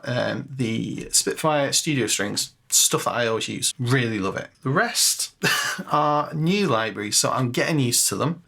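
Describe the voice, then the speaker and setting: Chatty gravelly man teaching music. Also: medium pitch, pushed and bright. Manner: chatty, self-mocking, thinks aloud with fillers. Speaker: music composition tutor. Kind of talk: casual screen-share tutorial.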